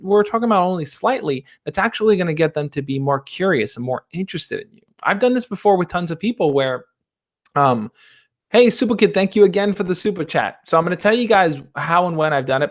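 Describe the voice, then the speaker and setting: A young man hosting a livestream, reading out viewer questions and answering them in a relaxed, reassuring way. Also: high voice, quick pace. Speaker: dating advice host. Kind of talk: casual livestream chat.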